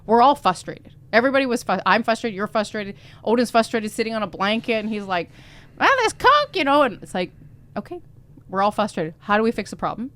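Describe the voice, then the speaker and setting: Woman telling stories with lively emotion. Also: medium pitch, quick pace. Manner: lively storytelling, emotional and open. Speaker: podcast co-host. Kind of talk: casual chat.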